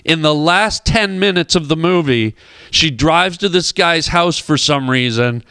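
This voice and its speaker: A man, a comedian, telling stories in casual chat as a guest in a radio studio, animated and acting out voices. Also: fairly high pitch, unhurried, smooth, no echo. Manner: animated storyteller who acts out voices. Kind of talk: casual storytelling on a radio show.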